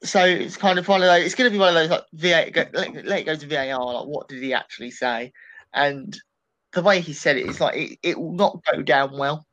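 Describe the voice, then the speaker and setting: A man with an animated, rambling delivery, giving his take on a political debate in a casual podcast discussion. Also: a little high, fairly quick, muffled recording. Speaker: political commentator.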